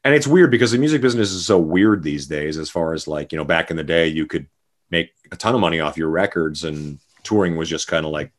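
A man's voice: a bass voice, quick pace. A middle-aged man from Canada, a musician chatting casually as an interview guest, rambling with many fillers and restarts.

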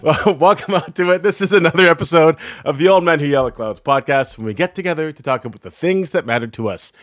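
A man's voice: fairly high pitch, quick pace, no room sound, soft background music. A man co-hosting a casual podcast, joking and swearing as he talks. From Canada. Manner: profane, joking, laughs often. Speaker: podcast co-host.

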